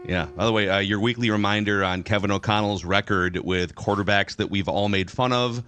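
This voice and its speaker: A man's voice: on the low side, fairly even intonation, fairly quick, fairly bright tone. A man hosting a sports talk podcast, loose and analytical, a little rambling. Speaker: podcast host.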